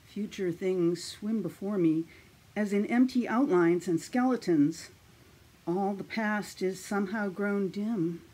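A loyal first mate overcome with dread, speaking slowly and earnestly, as a female audiobook reader gives him voice. Her pitch sits in the middle range. It sounds like an audiobook reading. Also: warm tone, slightly rough. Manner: slow, earnest delivery.

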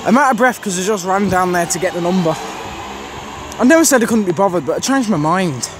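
High-voiced man spotting trains outdoors. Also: expressive, brisk. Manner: reads out train numbers and services, self-correcting. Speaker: trainspotter vlogger. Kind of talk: casual trainspotting commentary. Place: outdoors on a railway station platform. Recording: loud outdoor station noise.

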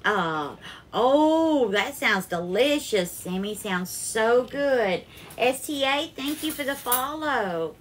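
Slow and lively in intonation, her voice is on the high side, with a faint hiss or hum. She's a Southern-accented woman from Alabama running a relaxed cooking livestream from her home kitchen, effusively calling viewers darling and greeting them by name in a bubbly sing-song.

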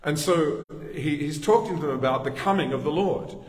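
A pastor with an Australian accent preaches a sermon in a conversational way, speaking at a moderate pace in a voice on the high side and making asides to the congregation. He's in a church sanctuary, recorded with a distant mic in an echoey hall.

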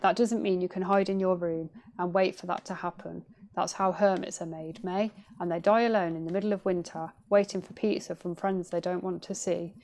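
A woman's voice: on the low side, fairly even intonation, a little fast, darkish tone, natural voice. A woman voicing a sardonic young adult female cat, a gloomy college dropout, in a dry, self-mocking mutter over game dialogue. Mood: self-critical.

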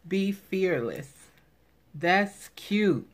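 A woman's voice: on the low side, expressive, slow. A woman vlogger chatting casually while opening craft mail, gushing and exclaiming over each piece. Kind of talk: casual unboxing chat.

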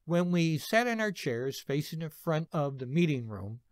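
Man, 70s, veteran storyteller, slightly high voice, animated pitch, dry recording. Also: no echo. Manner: slow, expressive storytelling. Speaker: veteran memoir narrator. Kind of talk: reading a personal war story.

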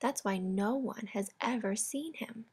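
Storybook role: a soft-spoken, loving mother hare read by a woman. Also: a little high, normal speed. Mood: gentle.

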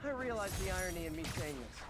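A wry young superhero. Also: male voice, high voice, lively intonation, fast, heavy background noise. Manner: dry, self-mocking quips.

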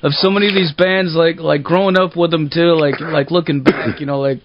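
A man in his forties hosting an interview, chatting in a relaxed and agreeable way and swearing freely. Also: a little high, a little fast, dull audio, a little hiss or hum. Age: 40s. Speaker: show host. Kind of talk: casual interview chat.

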